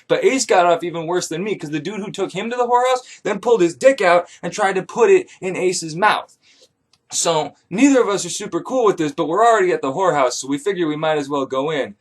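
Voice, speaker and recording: Profane, deadpan comic narrator, a man with a slightly high voice. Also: fairly quick. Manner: irreverent, profane, deadpan asides. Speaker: comedic myth storyteller. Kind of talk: casual comedic retelling.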